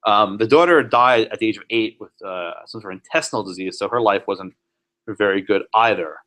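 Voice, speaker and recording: A man, a law professor, giving a classroom lecture, animated and sometimes sarcastic, putting questions to students. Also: on the low side, a little fast.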